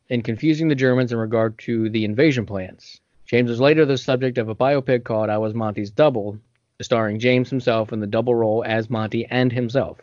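A man's voice: medium pitch, darkish tone, no echo, lo-fi sound. An American man co-hosting a casual podcast, reading from notes and laughing as he stumbles over unfamiliar words. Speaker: podcast co-host.

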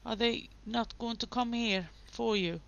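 A woman's voice: fairly high pitch, measured pace, vocal fry, lo-fi sound. A woman hosting a gaming video, giving casual commentary and chatting to the game characters.

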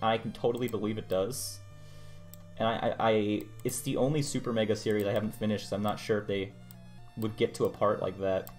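A man's voice: on the low side, little pitch movement, a little fast, a little mellow. A young man streamer chatting casually while he draws, rambling and muttering to himself about his work. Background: music playing.

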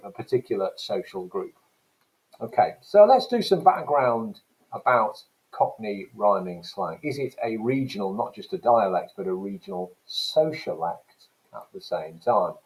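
A man's voice: mid-range voice, a little mellow, poor audio. A man teaching an English language class, explaining terms carefully and emphatically, at times mimicking accents to demonstrate them. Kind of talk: recorded lesson.

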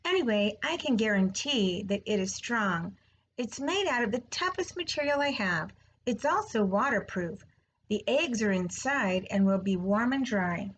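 A woman voicing a gentle, wise grown female spider who speaks weakly and kindly in a storybook read-aloud. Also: mid-range voice, lively intonation, a little slow, slight background noise, natural voice, low-quality recording. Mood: tired. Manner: weak, tired and kindly.

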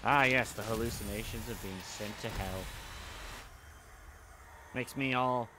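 A young man giving loud, excitable let's-play commentary, yelling at enemies and cracking sarcastic quips. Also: lowish voice, a little slow, background noise. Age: young adult. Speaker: gameplay streamer.

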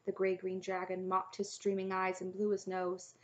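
A woman narrating a fantasy storybook in a measured, clear reading. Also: medium pitch, completely flat delivery, darkish tone. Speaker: audiobook narrator. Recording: slightly dull lo-fi audio.

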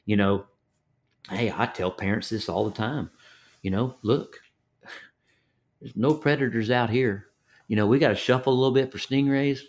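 A man's voice: mid-range voice, normal speed, pauses often. An older man from Texas with a Texan accent, a fishing guide telling stories in a folksy interview, often repeating his words. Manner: folksy, repeats words, acts out quoted voices. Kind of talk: storytelling interview.

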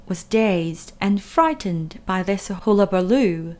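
Slow, expressive woman reading a story. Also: mid-range voice. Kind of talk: storybook read-aloud.

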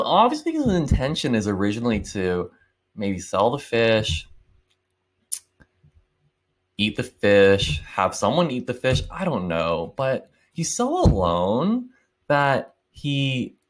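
A young man in his twenties talks through a book in one unbroken take, with loose, rambling, profane chatter. His pitch swings widely as he goes, and he keeps the momentum up rather than stopping to polish. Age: 20s. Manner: rambling, swearing, laughing often. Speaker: book reviewer. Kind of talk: casual one-take monologue.

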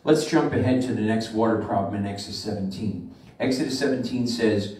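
A man, a rabbi, delivering a sermon with emphatic preaching that slows and swells on scripture, recorded in a synagogue sanctuary. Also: on the low side, darkish tone. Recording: echoey room from far off the mic.

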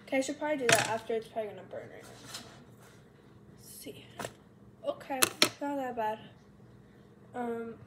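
Over the noise of a loud kitchen fan, a woman walks through a cooking tutorial in her home kitchen, thinking out loud and poking fun at herself in a chatty way. Her voice is a little high, at normal speed with frequent pauses.

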